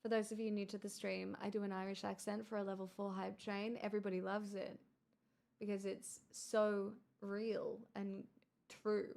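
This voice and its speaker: A woman's voice: medium pitch, little pitch movement, normal speed, gravelly, darkish tone. A woman hosting a casual livestream, chatting with viewers, thanking them in an exclamatory, wry way. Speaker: livestream host.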